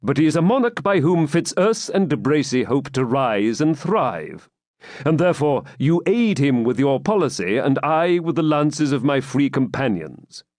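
A man voicing a calm, pleasure-loving medieval knight who speaks coolly and evenly. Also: mid-range voice, no echo, studio quality, close to an everyday voice. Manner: calm and cool, measured.

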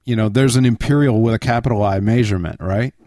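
A man co-hosting a casual podcast, playful and quick to crack jokes, swearing freely as he riffs. His voice sits mid-range, recorded dry and close. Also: fairly low pitch, mellow, no echo. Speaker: podcast co-host. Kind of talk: casual chat.

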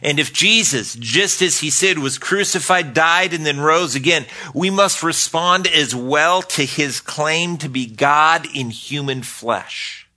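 Slow, bright-voiced male pastor preaching. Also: a little high. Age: older. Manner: earnest, repeats words when starting phrases. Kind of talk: sermon.

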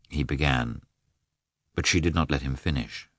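A man narrating a classic novel as an audiobook, in an expressive, measured telling. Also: very deep voice, no room sound, clean studio sound.

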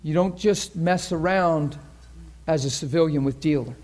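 A man's voice: on the high side, moderate pace, a little mellow. A man preaching a sermon to a congregation, telling a story in an earnest, conversational way and acting out the voices of the people in it. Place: church in front of a congregation.

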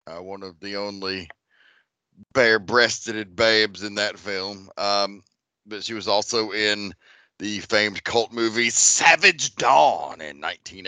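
A man's voice: fairly low pitch, sharp tone, clear, resonant tone, no room sound. A man hosting a movie podcast, running through the cast and credits in a laid-back, profane casual chat. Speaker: podcast host.

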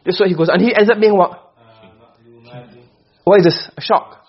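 Male teacher, high voice, husky, quick lecture, dull lo-fi recording. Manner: quizzes the class with rapid questions, repeats himself. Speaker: Arabic rhetoric teacher. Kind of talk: classroom lecture.

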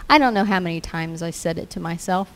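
A woman's voice: fairly low pitch, quick pace. A woman preaching a sermon in an earnest way, repeating scripture lines as declarations.

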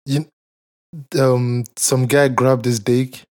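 A man's voice: mid-range voice, level tone, slow. A man co-hosting a podcast, telling stories in casual chat with lots of swearing and fillers. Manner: profane, rambling storytelling with frequent fillers and laughs. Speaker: podcast co-host.

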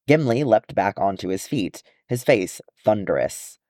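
A man reading a story aloud with expressive delivery. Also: lowish voice, measured pace, dry recording, studio quality. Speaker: audiobook narrator. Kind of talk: reading fan fiction aloud.

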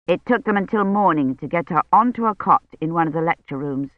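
Novel narrator, steady measured delivery, dry dull lo-fi recording. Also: mid-range voice, no echo. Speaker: audiobook narrator. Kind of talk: scripted narration.

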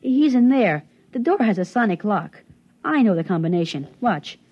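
A woman playing an excitable young boy who pleads and chatters, in a 1950s radio drama. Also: mid-range voice, normal speed, slightly rough. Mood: eager. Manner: excitable, pleading kid talk. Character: eager young boy, stowaway's pal. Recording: dull 1950s radio broadcast, faint music.

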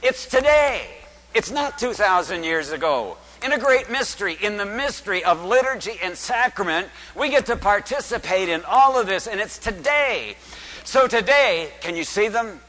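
A man who is a priest, delivering a dramatic sermon in church and asking the congregation rhetorical questions in a booming preacher's voice. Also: animated, normal speed, sharp tone. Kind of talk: liturgical sermon. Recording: long church reverb.

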